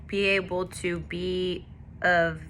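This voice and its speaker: Woman, bright voice, lowish pitch, candid confessional vlog testimony, faint background hum. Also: little pitch movement, takes it slowly. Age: adult with a daughter. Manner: candid, confessional, emotional storytelling. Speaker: faith vlogger.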